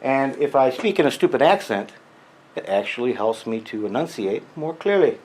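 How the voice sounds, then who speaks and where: A man's voice: mid-range voice, expressive, normal speed, a little mellow, low-quality recording. A man in his home workshop, talking to the camera in a rambling monologue with dry, grumpy asides, often slipping into a put-on mock Freudian accent. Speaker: workshop vlogger.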